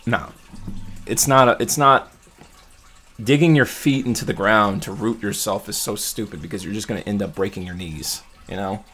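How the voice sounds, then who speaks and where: Low-voiced man venting in a rambling vlog. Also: normal speed. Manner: rambling, heated venting with restarts. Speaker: vlogger. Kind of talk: casual check-in monologue.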